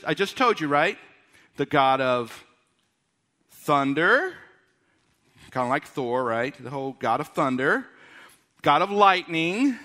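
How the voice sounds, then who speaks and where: A man preaching a lively sermon, with announcer-style bursts and quiet asides. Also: fairly high pitch. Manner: drops to quiet, intimate tones. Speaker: pastor.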